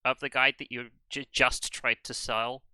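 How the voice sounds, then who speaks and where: A man's voice: mid-range voice, level tone, normal speed, pushed and bright, clean tone, no echo. A man running a tabletop role-playing game as game master, laid-back and wry as he describes the scene.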